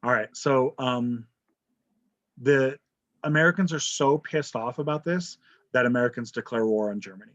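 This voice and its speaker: Over a video call, a man leads an online history lesson casually, joking around and asking "right?" to keep students with him. His voice is medium in pitch and a bit bright, at a moderate pace. The recording sounds dull and lo-fi.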